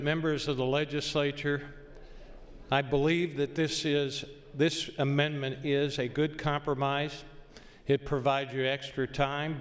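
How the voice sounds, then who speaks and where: A man who is a senator, giving a plain-spoken, firm floor speech in a legislature. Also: mid-range voice. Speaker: state senator. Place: large legislative chamber. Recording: long reverb of a chamber.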